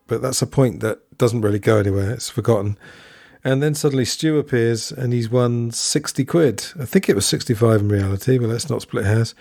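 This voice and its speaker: A man's voice: mid-range voice, darkish tone, dry recording, clean studio sound. A man hosting a podcast, talking through a film review in a musing, digressive way with asides. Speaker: podcast host. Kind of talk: solo film review commentary.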